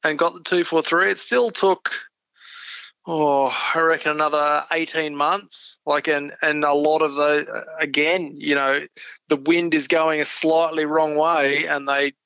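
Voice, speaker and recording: Aussie bloke guesting on a podcast, gravelly, kinda bright and tense, slightly high voice, dull lo-fi sound. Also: male voice, flat delivery, measured pace, dry recording. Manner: easygoing, self-deprecating storyteller. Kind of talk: casual chat about hunting.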